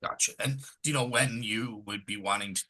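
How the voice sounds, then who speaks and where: Very bright-voiced male host. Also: lowish voice, fairly quick, low-quality recording. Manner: relaxed, casual fillers like "all right, cool". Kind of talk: casual podcast chat.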